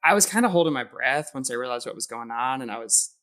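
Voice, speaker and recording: Bright-voiced male podcast guest. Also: medium pitch, animated, fast talker. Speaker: podcast panelist. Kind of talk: casual game discussion.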